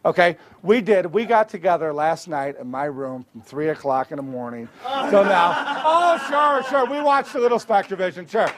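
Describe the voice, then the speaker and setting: High-voiced joking stage magician. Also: male voice, lively intonation, moderate pace. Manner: joking, teasing banter with a volunteer. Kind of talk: live comedy magic show. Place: live theater stage. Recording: live stage with loud crowd noise.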